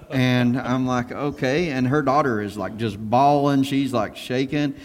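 A pastor telling lively stories and acting out the quotes as he goes. His voice sits at a middle pitch, and a long reverb trails behind it in the room. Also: measured pace. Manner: animated storyteller who acts out quotes and laughs. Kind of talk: casual panel discussion.

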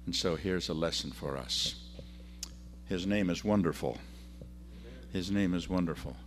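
A man preaching a sermon and reading scripture aloud, swinging between loud emphasis and quiet drops. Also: deep voice, moderate pace, long pauses, soft background music.

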